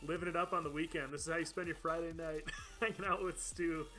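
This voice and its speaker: A man with a slightly high, bright, forceful voice talks fast with fairly even intonation while streaming a video game live, faint music behind him. He chats casually over gameplay, laughs often, reads out chat names and thanks donors by name.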